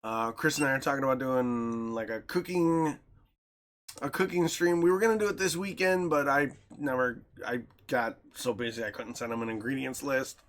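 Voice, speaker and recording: A man, co-hosting a podcast in casual chat, animated and quick to laugh. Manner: animated, laughs often, jumps into squeaky voices when retelling. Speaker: podcast co-host.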